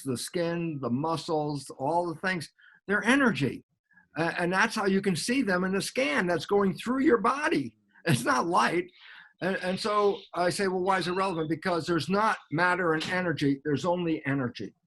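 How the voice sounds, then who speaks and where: Animated older man, high voice. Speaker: guest biologist. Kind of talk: explanatory lecture-style talk.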